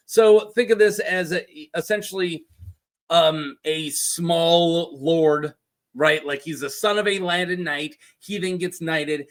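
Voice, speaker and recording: Brief: high-pitched male lore host, casual and chatty, cracks jokes and puts on quick voices. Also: a bit bright. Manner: chatty, jokey asides with put-on quote voices.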